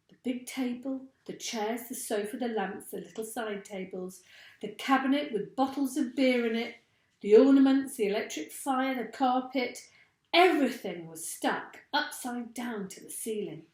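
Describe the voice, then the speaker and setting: A woman teacher reading a children's storybook aloud with expressive, deliberate delivery. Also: on the high side. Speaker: primary school teacher. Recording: roomy echo.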